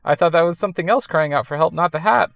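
Low-voiced woman chatting through a game. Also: fast talker, vocal fry, dry recording. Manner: chatty, rambling, self-amused. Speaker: let's-play gamer. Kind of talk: casual game commentary.

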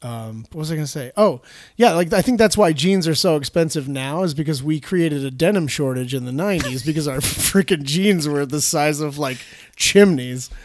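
A man's voice: on the high side, a little fast, background noise. A man in his forties telling rambling stories in a casual podcast chat, heavy on fillers. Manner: rambling, lots of fillers, animated when quoting. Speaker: podcast co-host.

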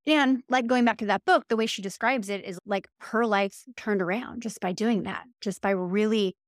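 A woman's voice: medium pitch, moderate pace, no echo, studio quality. A woman hosting a podcast, speaking in a reflective, thoughtful casual way, often saying "like". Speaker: podcast host.

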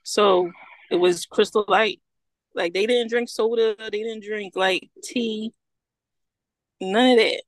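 A woman with a Philadelphia accent co-hosting a casual podcast chat, playful and quick to laugh. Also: medium pitch, steady tone, no room sound. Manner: playful, laughing, incredulous questions. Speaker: podcast co-host.

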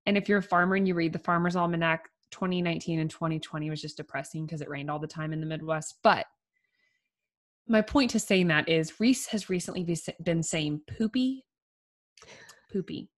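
Young woman co-host, lower voice, casual and chatty, many "likes". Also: steady tone, brisk. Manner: chatty, says "like" often, laughs easily. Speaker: podcast co-host. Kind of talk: casual chat.

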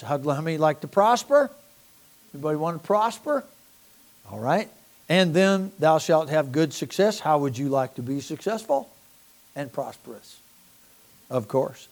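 Male preacher with a slightly high voice, call-and-response sermon, reads old-style scripture aloud, stumbles and restarts, chuckles to the room. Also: darkish tone. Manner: call-and-response, asking the congregation for amens; reads scripture aloud in King James wording.

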